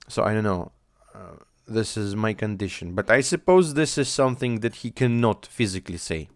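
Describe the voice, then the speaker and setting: A man's voice: medium pitch, normal speed, no echo, studio quality. A man giving casual reaction commentary on an anime at home, rambling, swearing and thinking aloud. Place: home, on a squeaky chair.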